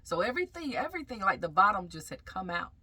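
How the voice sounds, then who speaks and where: Bright-voiced woman telling her story. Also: medium pitch, sing-song, slightly rough. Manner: reflective, halting, with frequent pauses and fillers. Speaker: vlogger sharing a personal testimony. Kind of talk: emotional personal storytelling.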